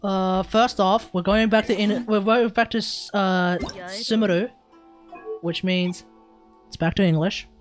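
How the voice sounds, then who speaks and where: Excitable Australian woman streamer. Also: mid-range voice, measured pace, faint music behind. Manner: excitable, chatty, addresses viewers. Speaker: game streamer. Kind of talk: live gameplay commentary.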